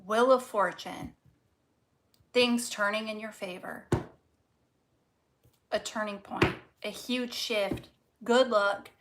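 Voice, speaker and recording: A woman's voice: medium pitch, fairly even intonation, slow, pauses often, background noise. A woman reading tarot cards casually to camera, fervent and encouraging, swearing freely and repeating words for emphasis. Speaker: tarot reader.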